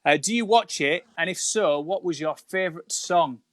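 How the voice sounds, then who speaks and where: A man's voice: on the high side, moderate pace, no room sound, studio quality. A man hosting a casual live video interview, reading out viewer questions in a friendly way. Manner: friendly, reads out viewer questions, laughs along. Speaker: interview host.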